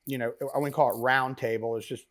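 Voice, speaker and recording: A middle-aged man, a business founder, telling stories as a podcast guest in a rambling, animated way with many fillers and asides. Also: medium pitch, quick pace. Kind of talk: casual interview storytelling.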